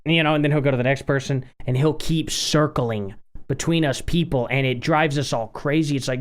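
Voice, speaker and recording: A man's voice: mid-range voice, a little fast. A man co-hosting a podcast, chatting casually and acting out little quotes as he tells stories. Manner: lively, chatty, acts out quotes. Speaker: podcast co-host. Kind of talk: casual chat.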